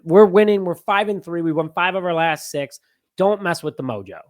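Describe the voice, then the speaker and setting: A man's voice: sits high, animated, normal speed. A man appearing as a guest on a sports podcast in casual chat, giving blunt, exasperated opinions.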